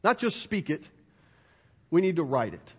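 A man's voice: on the high side, moderate pace, husky. Pastor, male, emphatic sermon delivery in a reverberant sanctuary, muffled lo-fi sound. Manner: animated, emphatic preaching with repeated lists. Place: church sanctuary. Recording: dull, hall-reverberant church recording.

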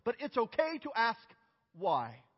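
A man preaching a sermon as pastor, emphatic and building to loud outcries. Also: very high voice, huge pitch swings, unhurried, husky. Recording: dull, reverberant church hall.

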